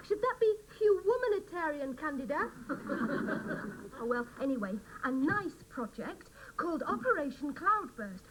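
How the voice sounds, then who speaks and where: A gushy earnest do-gooder, very high voice, hissy old tv sound. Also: female voice, a bit bright, exaggerated voice, low-quality recording. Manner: earnest, coaxing, gushing. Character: eager, gullible do-gooder woman who craves excitement. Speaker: refuge resident. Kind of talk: 1980s TV sitcom acting.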